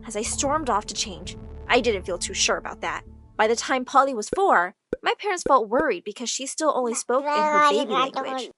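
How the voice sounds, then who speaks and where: A woman narrating an animated drama story in an expressive, dramatic way. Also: sits high, normal speed. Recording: faint background music.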